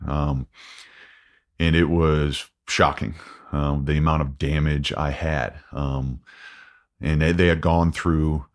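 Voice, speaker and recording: A man in his forties, a podcast guest, talking candidly and haltingly with many restarts and fillers. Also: very deep voice, fairly even intonation. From United States. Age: 40s. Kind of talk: candid interview.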